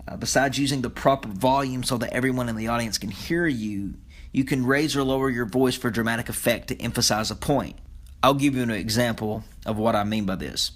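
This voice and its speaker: A man's voice: mid-range voice, a little fast. A man teaching a speech communication lecture as a podcast, explaining points plainly with occasional fillers.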